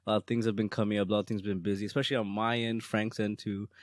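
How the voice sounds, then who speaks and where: A man's voice: fairly low pitch, very fast, no echo, studio quality. A young man co-hosting a podcast in casual chat, telling stories with lots of laughter. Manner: laughs often, animated storyteller. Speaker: podcast co-host.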